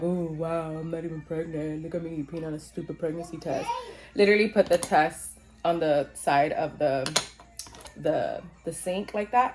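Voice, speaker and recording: A woman's voice: on the low side, darkish tone, a little hiss or hum. A young woman vlogger telling a personal story in a casual, chatty way, full of "like" fillers and the odd swear word, acting out what people said. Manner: chatty, frequent "like" fillers, swearing, acts out quoted voices. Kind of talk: casual storytelling while getting ready.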